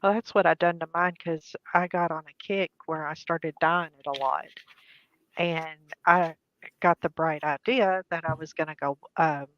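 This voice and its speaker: Low-voiced woman on a dull dry mic. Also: fairly even intonation, moderate pace, a bit bright. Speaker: co-host. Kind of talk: casual chat.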